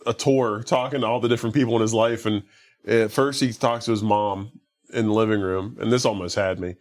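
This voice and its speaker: A fairly low-pitched man talks fairly quickly and with fairly even intonation. He's a podcast co-host giving a casual, meandering movie recap, peppered with "like" and acted-out dialogue from the characters.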